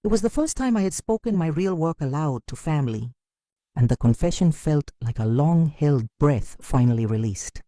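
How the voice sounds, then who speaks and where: A woman narrating a dramatic first-person story in a measured, emotional storytelling manner. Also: low voice, lively intonation, dark tone, dry recording.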